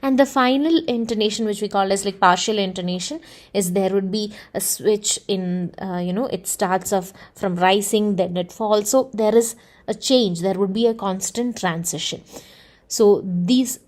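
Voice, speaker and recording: A woman teaching an English lesson at a measured pace. She explains step by step and reads example sentences aloud. Her pitch sits in the middle of the range. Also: steady tone, a little mellow. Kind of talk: explanatory lecture.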